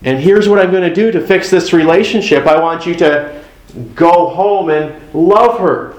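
Man preaching, sermon, conversational, folksy asides, slightly high voice, echoey room. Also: measured pace. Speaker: pastor.

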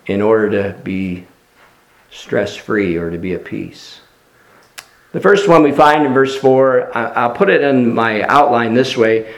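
A medium-pitched man preaches as a pastor, unhurried and earnest, often restarting sentences and filling pauses with "uh" and "you know." The recording has a roomy echo.

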